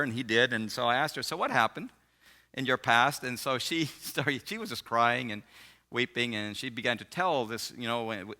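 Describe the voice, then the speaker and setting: A man speaking at a marriage seminar, telling a story in an animated way and often laughing. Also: mid-range voice. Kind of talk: storytelling sermon.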